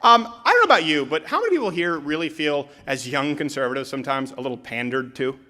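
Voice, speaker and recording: A young adult man from Canada giving a live comedic political speech, animated and sarcastic, with sudden shouted bits. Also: a little high, fast.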